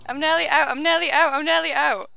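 A woman's voice: sits high, fairly even intonation, fast, gravelly, sharp tone, dry recording. A woman playing a video game in a casual let's-play chat, giggly and playful. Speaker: gamer playing.

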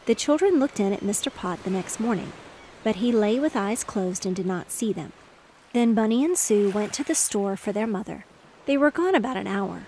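Woman, soft bedtime story narration, soothing and even, middle pitch, faint noise in the background. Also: moderate pace.

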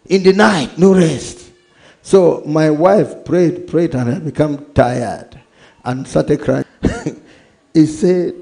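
Speaking in a fairly high, creaky, mellow voice, this Nigerian-accented male pastor delivers a sermon. He reads scripture in a slow, emphatic way and dramatizes stories from the Bible.

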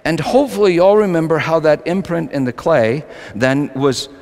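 A male pastor preaching a sermon, swinging between loud, emphatic lines and quiet, low asides. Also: moderate pace. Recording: long hall reverb.

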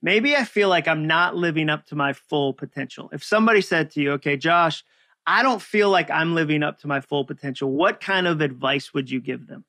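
A man hosts an interview, affirming his guest before posing reflective questions. His voice is bright and a little high, recorded dry and close. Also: brisk, no room sound. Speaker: podcast host. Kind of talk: interview hosting.

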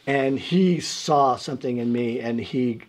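A middle-aged man from Brooklyn, an interview guest telling lively stories and acting out voices, with lots of "like" fillers. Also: medium pitch, measured pace. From Brooklyn, New York. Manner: animated, acts out voices, many "like" fillers. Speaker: guest musician. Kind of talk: casual interview storytelling.

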